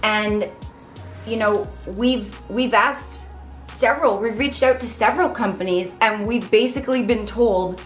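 A woman's voice: on the high side, unhurried. Earnest young woman vlogging in an echoey room. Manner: earnest, candid, reflective. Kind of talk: casual talk to camera. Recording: echoey room with faint music.

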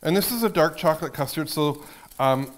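A man's voice: fairly high pitch, brisk. Chatty man hosting a cooking show. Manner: chatty, upbeat, narrates while cooking. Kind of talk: casual cooking demonstration. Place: kitchen.

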